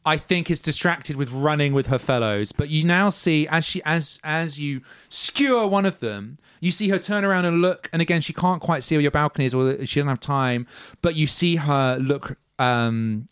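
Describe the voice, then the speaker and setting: A man runs a tabletop game, narrating at length and calling for dice rolls as he goes. His voice is smooth and resonant, and the recording is dry and close. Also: a little high, moderate pace, hardly any pauses, fairly bright tone, no room sound. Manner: describes scenes at length, asks players for dice rolls. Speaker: game master.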